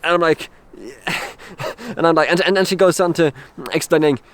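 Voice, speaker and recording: A young man from Sweden, telling a personal story in a casual vlog, halting with many fillers and restarts. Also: a little high. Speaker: vlogger.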